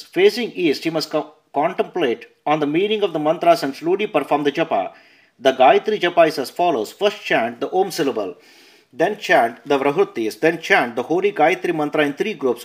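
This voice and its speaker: Male narrator, slightly higher pitch, measured scripture reading. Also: animated, husky. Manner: measured reading with verse numbers and notes, some self-corrections. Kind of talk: reading a scripture translation aloud.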